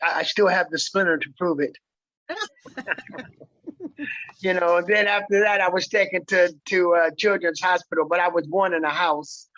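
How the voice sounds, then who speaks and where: A man in his sixties from San Francisco, a stage actor interviewed as a guest, telling stories in a slow, relaxed way. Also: high voice, no room sound, dull audio. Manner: slow, relaxed storytelling with repeated words. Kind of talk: casual interview chat.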